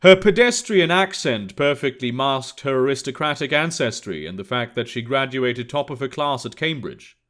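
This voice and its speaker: A man narrating an alternate-history story in a steady, matter-of-fact reading. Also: medium pitch, moderate pace, few pauses.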